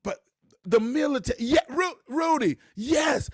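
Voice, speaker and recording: A man with a high, husky voice talks straight to his viewers, animated and preachy. He repeats key words and raises his voice to drive a point home. The sound is dry and close. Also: a little slow, no room sound. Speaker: host. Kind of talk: casual live-stream talk to viewers.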